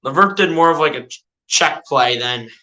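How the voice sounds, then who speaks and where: A man giving casual fan-style live play-by-play of a basketball game, chatty and excitable, often tossing in "dude". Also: on the high side, moderate pace. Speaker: streamer doing live play-by-play.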